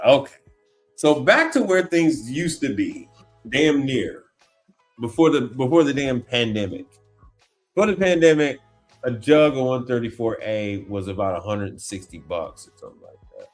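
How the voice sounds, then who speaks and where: A man hosting a casual livestream, talking in an animated, slangy way, exclaiming and repeating himself as he reacts. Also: mid-range voice, measured pace, soft background music. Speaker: appliance repair tech livestream host. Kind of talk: casual livestream chat while browsing online.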